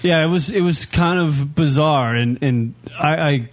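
A man's voice: a little high, unhurried. A man, co-hosting a radio show, telling a rambling story and laughing at himself. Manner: laughing, rambling, self-mocking. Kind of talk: casual radio banter.

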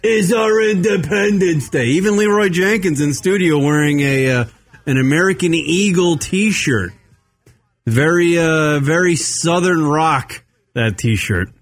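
A man's voice: fairly high pitch, a little slow, faint music behind. A man from Long Island hosting a radio show from a studio, chatting casually and rambling with lots of fillers and swearing. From Long Island, New York. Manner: rambling, profane, many fillers.

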